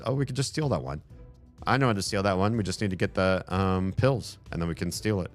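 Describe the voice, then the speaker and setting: Deep-voiced man rambling over gameplay. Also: a little fast, faint music behind. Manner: rambling, swears casually. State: losing his voice. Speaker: gameplay commentator. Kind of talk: casual let's-play commentary.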